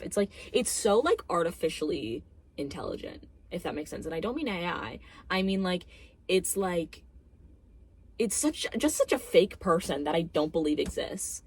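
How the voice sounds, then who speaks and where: A woman's voice: lowish voice, big pitch swings, moderate pace, slightly rough. A young woman in a casual movie review rant, exasperated and full of "like"s, swearing as she vents to the camera. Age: young adult. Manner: exasperated, filler-heavy with many "like"s, swears. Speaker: film reviewer.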